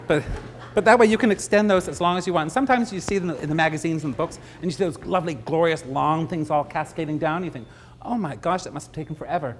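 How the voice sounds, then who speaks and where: A man's voice: on the high side, fast, a little hiss or hum. A middle-aged man giving a live floral design demonstration, chatty and joking with his audience. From Canada.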